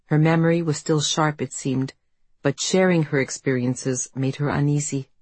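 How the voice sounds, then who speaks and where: A woman author reading her own book in a measured, reflective storytelling manner. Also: low voice, steady tone, darkish tone, no echo. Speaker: author and narrator. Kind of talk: audiobook narration.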